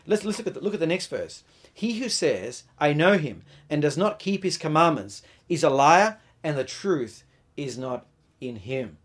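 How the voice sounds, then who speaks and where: A man's voice: on the high side, sing-song, normal speed. A man preaching a sermon, emphatic, often restarting words and putting questions to his listeners.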